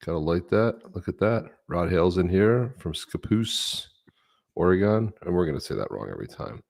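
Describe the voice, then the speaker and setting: A man's voice: low voice, lively intonation, moderate pace, vocal fry, a little mellow. A man co-hosting a live stream, laid-back, reading out viewer comments and chuckling between them. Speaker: co-host. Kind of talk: casual live-stream chat.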